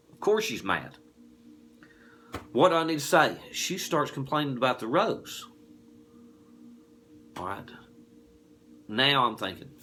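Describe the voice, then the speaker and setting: A man in his forties with a Southern US accent, telling a folksy, animated anecdote. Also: medium pitch, slight background noise. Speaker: distillery promoter. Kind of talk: casual anecdote.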